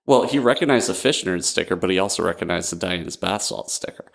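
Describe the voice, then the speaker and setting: A man with a low, gravelly voice sits in as co-host on a casual fishing podcast. He answers briefly and dryly. His voice has a roomy echo around it. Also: expressive, quick pace. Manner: brief, dry replies. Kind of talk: casual chat.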